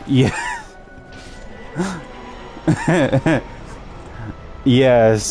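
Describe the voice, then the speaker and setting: A man's voice: medium pitch, extremely slow, pauses often, a little mellow, soft background music. A young man from Canada chatting casually while streaming a game, laid-back and rambling, often restarting his sentences and chuckling. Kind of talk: casual gaming commentary.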